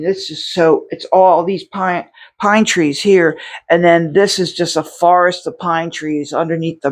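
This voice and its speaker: Casual artist vlogger at home, rambly and self-interrupting, plain mid-pitched voice. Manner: rambling, self-interrupting, lots of restarts and fillers. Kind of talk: casual vlog talk. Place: indoor home studio. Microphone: separate microphone.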